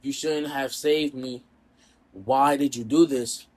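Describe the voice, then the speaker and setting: Man voicing a regretful cartoon jester, remorseful, pleading, average pitch. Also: steady tone, takes it slowly. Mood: bitter. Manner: apologetic, pleading. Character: remorseful male cartoon jester, tearful and bitter.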